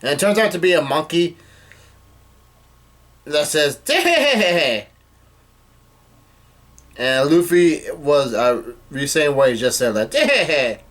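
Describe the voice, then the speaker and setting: A man giving a casual spoken recap of a comic chapter, rambling and halting with frequent fillers and restarts. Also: fairly high pitch. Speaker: manga chapter reviewer.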